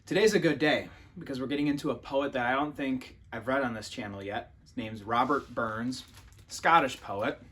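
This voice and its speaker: A young adult man hosting a poetry channel, explaining and reading a poem in a relaxed, casual way, thinking aloud with fillers and restarts. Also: medium pitch, normal speed.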